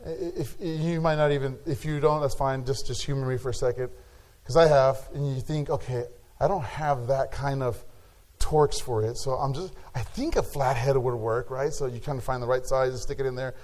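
A male pastor preaching a sermon, building to emphatic peaks and dropping to quiet, drawn-out words. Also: medium pitch, fairly even intonation.

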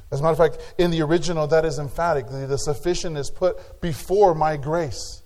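A male pastor preaching a sermon, building to emphatic peaks and dropping to quiet, drawn-out words. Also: on the high side, steady tone.

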